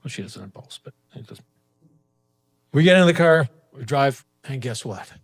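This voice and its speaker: A man's voice: mid-range voice, moderate pace, husky. Profane man telling a story live. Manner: profane, animated, acts out voices. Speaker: storyteller at an open mic. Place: small community storytelling venue with a live audience.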